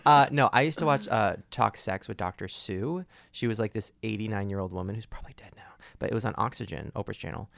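Gravelly fast-talking young man. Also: on the low side, a bit bright. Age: 20s. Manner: candid, jokey storytelling. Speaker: podcast host. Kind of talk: casual podcast chat.

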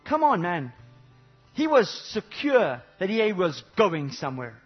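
Lively high-voiced preacher man. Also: a little slow, husky, highs cut off, soft background music. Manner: animated, swings between loud exclamations and low intimate asides; asks the congregation frequent rhetorical questions. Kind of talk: sermon. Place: church service before a congregation.

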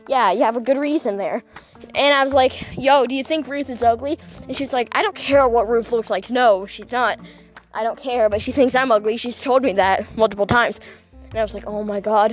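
Hosting a casual solo podcast, a woman with a high voice tells a rambling, gossipy story. She laughs a lot and keeps dropping in awkward, self-deprecating asides.

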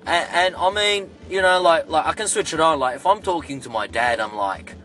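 A man with an Australian accent plays a rambling young Filipino Australian character in a comedic monologue. His voice is fairly high, pushed and bright at a moderate pace, full of fillers and restarts.

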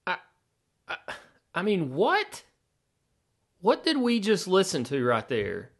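A man hosting a podcast with an opinionated, sarcastic edge. He rants and piles up rhetorical questions. His voice sits a little high. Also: wildly swooping pitch, unhurried, gravelly, long pauses, fairly bright tone. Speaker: sports podcast host.

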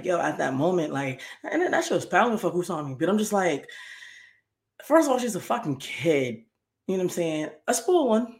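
A young woman hosting a podcast, telling a story in a heated, profane, repetitive rant. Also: medium pitch. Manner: heated, profane, repeats herself. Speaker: podcast host.

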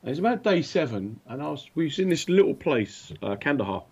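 A man telling animated anecdotes in casual chat, acting out the voices of the people in his stories. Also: a little high, a little fast, husky. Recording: dull lo-fi sound.

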